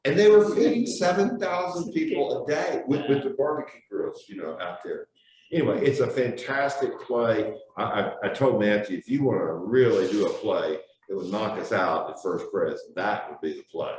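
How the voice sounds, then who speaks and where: A man's voice: fairly low pitch, lively intonation, normal speed, a little mellow. A man teaching an adult Sunday school class, telling stories in a chatty way, laughing often and repeating words as he goes. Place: church classroom. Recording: echoey room, far from mic, faint hiss.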